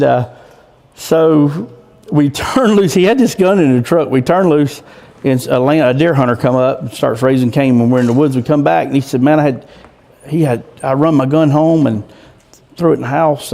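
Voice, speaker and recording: Gravelly guy, coon hunter guest, rambling folksy story, keeps restarting. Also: mid-range voice, moderate pace, warm tone. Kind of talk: casual storytelling in interview.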